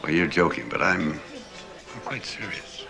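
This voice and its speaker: A man's voice: deep voice, expressive, a little slow, creaky, exaggerated voice. An actor playing a hesitant, shy middle-aged male employer who stammers with many fillers, in a film scene. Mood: earnest. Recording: film scene with music behind.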